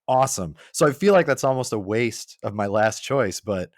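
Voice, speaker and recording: Guy on a gaming podcast, lively storyteller, does little voices for quotes, dry close mic. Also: lowish voice, moderate pace, gravelly, no echo. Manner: animated storyteller who acts out quotes. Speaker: guest. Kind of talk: casual podcast chat.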